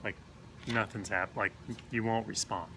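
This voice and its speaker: A man's voice: fairly low pitch, steady tone, unhurried, gravelly, slight background noise. A young man co-hosting a casual chat show with his wife, talking in an easygoing, hesitant way full of "like" and "kinda". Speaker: podcast co-host. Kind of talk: casual live-stream chat.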